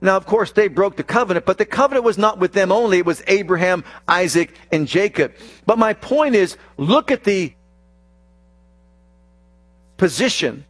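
A man preaching a sermon, reading scripture in a drawn-out, stressed cadence and dropping to a low hushed voice for emphasis, and putting questions to the congregation. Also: expressive. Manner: slow, emphatic delivery with dramatic drops to a low hushed voice; addresses congregation with call-and-response questions. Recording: dry close sound with faint mains hum.

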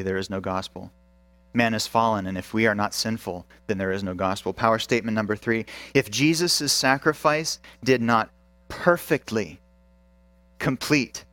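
A man's voice: fairly low pitch, a bit bright, no room sound. A male pastor preaching a sermon with emphasis, asking the congregation questions.

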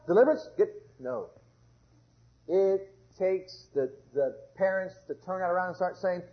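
A man preaching a sermon with fervor, going from loud exclamations down to low murmurs. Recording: muffled lo-fi sermon recording.

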